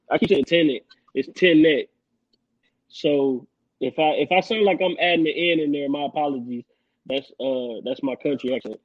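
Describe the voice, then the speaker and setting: A man co-hosting a podcast in easy, slangy chat at a middle pitch. He sounds relaxed and throws in casual asides. The recording is muffled and lo-fi. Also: dry recording. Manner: laid-back, slangy, "you know what I'm saying". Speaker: podcast co-host.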